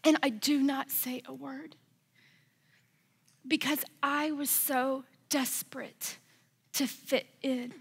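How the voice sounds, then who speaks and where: A woman's voice: sits high, level tone, slow, creaky, pauses often. A middle-aged American woman pastor preaching a sermon, telling a personal story and building to passionate exhortation.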